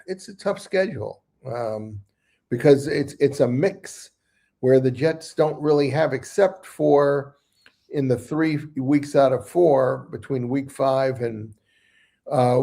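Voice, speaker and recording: Brief Older male analyst co-host, gravelly tone, measured and hesitant. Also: medium pitch, warm tone. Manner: measured, hesitant, restarts phrases. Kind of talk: casual sports talk.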